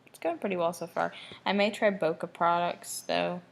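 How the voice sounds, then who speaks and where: Gravelly-voiced young woman vlogging. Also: lowish voice, fairly even intonation, normal speed, low-quality recording. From Michigan, USA. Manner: emotional, rambling, restarts often. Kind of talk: personal video diary.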